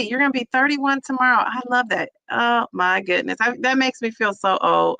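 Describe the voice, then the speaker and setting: A woman's voice: on the high side, moderate pace, vocal fry, bright, forceful tone, no echo, highs cut off. A middle-aged woman hosting a casual livestream, chatting effusively and greeting viewers by name as she reads their comments. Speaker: weight-loss vlogger hosting a livestream.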